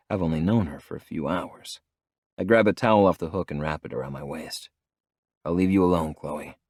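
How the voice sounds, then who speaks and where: Deep-voiced male audiobook narrator. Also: darkish tone, dry recording, clean studio sound. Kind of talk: first-person romance narration.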